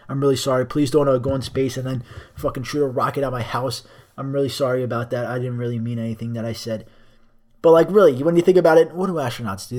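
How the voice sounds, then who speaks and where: A man's voice: medium pitch, darkish tone. A young man hosting a solo podcast, rambling through a crude, profane comic rant into a cheap microphone. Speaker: podcast host.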